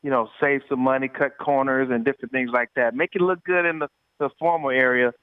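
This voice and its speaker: A man in his forties calling in to an interview by phone, telling stories with lively energy and repeated starts. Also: medium pitch, a little fast, clear, resonant tone, dry recording. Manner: animated storyteller, repeats words. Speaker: guest calling in. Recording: tinny dry phone line.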